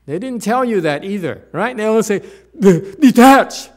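With a high voice, a man teaching Buddhism gives an animated, rhetorical dharma talk riddled with fillers and restarts.

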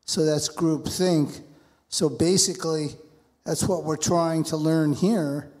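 A man's voice: on the high side, fairly even intonation, slow, darkish tone. An older man, a student in a class discussion, speaking bluntly and matter-of-factly.

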